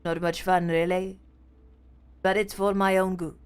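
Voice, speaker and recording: Woman playing a worn-out middle-aged detective, low, dragging voice, chilled and shaky. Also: flat delivery, smooth, close to an everyday voice. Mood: weary. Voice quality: slow, dragging, hushed. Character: weary middle-aged male detective, shivering.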